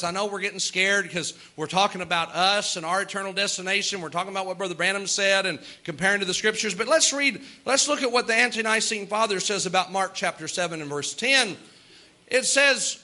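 A man preaching a sermon as pastor, earnest, with quick asides and little laughs. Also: high-pitched, pushed and bright.

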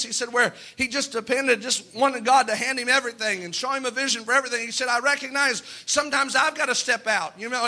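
High, bright-voiced man preaching a sermon. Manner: folksy storytelling with repeated restarts. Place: church.

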